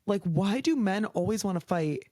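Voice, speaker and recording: A woman's voice: medium pitch, animated, normal speed, darkish tone, dry recording. Frank young woman ranting, dry sound. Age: young adult. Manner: frank, heated, swears often, peppered with "like". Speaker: podcast host. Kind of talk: casual chat.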